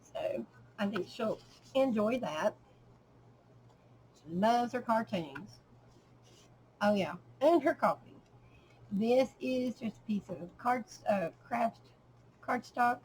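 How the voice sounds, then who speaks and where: A middle-aged woman showing a handmade journal in casual show-and-tell narration, at an unhurried pace with frequent ums and trailing pauses, at home. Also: fairly high pitch, expressive, darkish tone, a little hiss or hum, low-quality recording.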